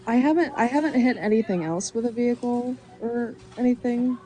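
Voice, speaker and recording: A woman's voice: on the high side, fairly quick, warm tone, poor audio. A woman chatting casually on a live stream, telling stories, laughing often and reading chat messages aloud.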